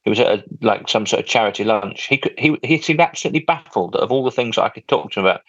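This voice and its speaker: Husky-voiced man hosting a chatty podcast. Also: lowish voice, expressive, rapid-fire, a bit bright, dry recording, muffled recording. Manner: jokey, teasing, reads letters aloud. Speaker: podcast host reading listener letters. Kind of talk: casual chat.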